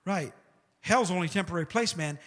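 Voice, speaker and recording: A man preaching a sermon with animated asides like "come on" and "amen," retelling scripture stories in a casual voice. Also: high voice, brisk. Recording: long hall reverb.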